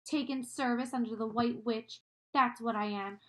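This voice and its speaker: A woman's voice: a little high, steady tone, moderate pace, lightly acted. A woman voicing a gloomy, tearful male faun who talks in a sorrowful, sobbing way.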